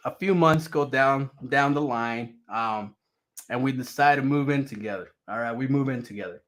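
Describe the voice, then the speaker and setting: A man casually telling a personal story, swearing freely and laughing often. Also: mid-range voice. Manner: profane, animated, laughs often.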